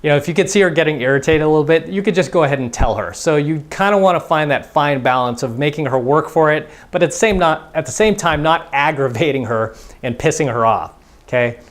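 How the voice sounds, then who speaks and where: A man's voice: a little high, lively intonation, fast talker. A man giving a casual, conversational dating lesson as a coach, acting out both sides of example conversations. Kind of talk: instructional monologue.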